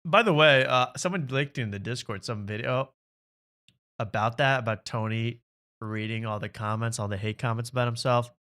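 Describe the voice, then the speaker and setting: A man's voice: medium pitch, normal speed, sharp tone. A man hosting a comedy podcast, ranting sarcastically in casual chat. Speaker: host.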